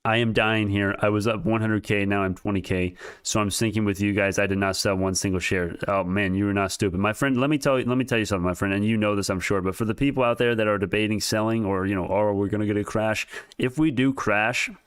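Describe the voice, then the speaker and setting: A man hosting a live stock market stream, talking casually and excitedly, rambling and speaking straight to his chat. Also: on the low side, fast talker, clear, resonant tone, no room sound, studio quality. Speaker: stock market livestream host.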